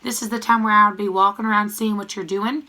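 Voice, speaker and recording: A woman teacher leading a recorded grammar lesson, calling out each word and its part of speech in a steady call-and-response rhythm. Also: mid-range voice, fairly quick.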